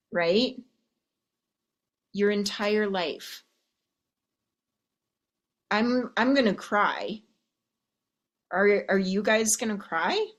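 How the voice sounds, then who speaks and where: A woman coach giving a sassy, teasing live pep talk to her viewers, swearing freely and checking in with "okay?". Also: mid-range voice. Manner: sassy, teasing, profane, keeps asking "okay?". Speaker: love and life coach.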